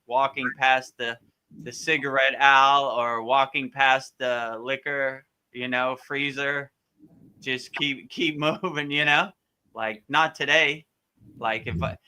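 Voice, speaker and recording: During a live question-and-answer session, a male spiritual teacher gives relaxed advice, often repeating himself and using many fillers. His voice is mid-range, bright, and forceful.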